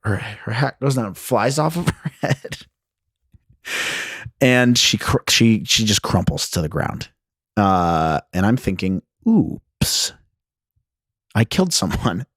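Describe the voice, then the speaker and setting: A man's voice: on the low side, slow pace, fairly bright tone, dry recording, studio quality. A young man hosting a casual solo podcast, telling a story in a rambling, self-deprecating way and laughing often. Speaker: podcast host. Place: his old high school bedroom.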